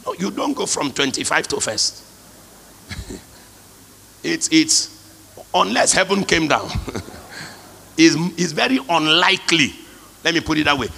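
Gravelly preacher in a reverberant hall. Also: male voice, medium pitch, bright, forceful tone. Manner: emphatic call-and-response preaching. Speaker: pastor. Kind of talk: sermon.

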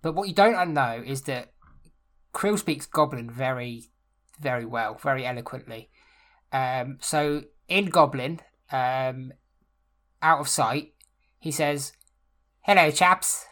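A woman playing in a tabletop game, narrating her character in a relaxed way. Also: very deep voice, takes it slowly, pauses often. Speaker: player. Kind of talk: tabletop role-play chat.

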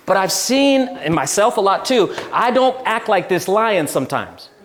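A man's voice: high voice, moderate pace, slight background noise. Chatty young man preaching casually. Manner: relaxed, chatty storytelling with laughs and restarts. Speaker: pastor. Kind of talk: casual sermon with storytelling.

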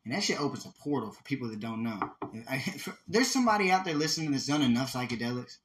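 A man's voice: medium pitch, fast, a little hiss or hum. A man co-hosting a podcast, chatting casually in a rambling, profane way. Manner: rambling, profane, laughs and breaks into loud animated voices. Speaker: podcast co-host. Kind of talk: casual chat.

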